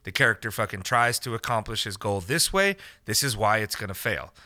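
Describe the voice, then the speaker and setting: A man's voice: fairly low pitch, animated, a little fast, pushed and bright, dry recording, clean studio sound. A man co-hosting a casual podcast, joking and explaining story-writing ideas at length. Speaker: podcast co-host.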